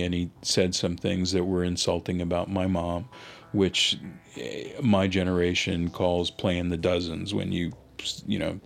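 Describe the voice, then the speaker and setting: A man's voice: low-pitched, gravelly. A man being interviewed as a linguist, recounting a childhood story in a reflective, conversational way with many "you know" asides.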